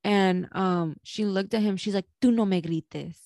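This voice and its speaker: A woman's voice: medium pitch, unhurried, darkish tone, no room sound. Candid young woman, casual chat. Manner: candid, laughing, swears freely, drops Spanish phrases. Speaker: podcast co-host.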